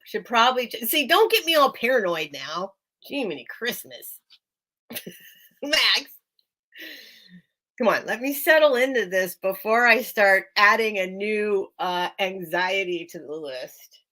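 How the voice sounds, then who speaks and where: A woman's voice: medium pitch, lively intonation, unhurried, bright, forceful tone. An American woman hosting a live sale stream, chatting casually with viewers by name and laughing often.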